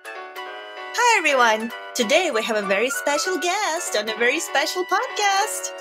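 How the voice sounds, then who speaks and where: High-voiced woman hosting a podcast. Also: big pitch swings, measured pace, music in the background. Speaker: podcast host. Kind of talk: casual podcast chat.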